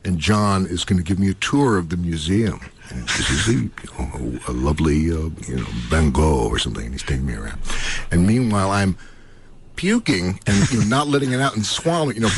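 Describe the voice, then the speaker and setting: A middle-aged actor being interviewed on the radio, telling animated stories full of laughter and acted-out quotes. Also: male voice, on the low side, a little hiss or hum. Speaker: guest actor.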